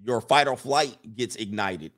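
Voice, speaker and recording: A man hosts a casual livestream, reading out chat comments and answering them in an emphatic, conversational way. His voice sits at an ordinary middle pitch, and his talk is full of fillers and restarts. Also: a little slow, a bit bright.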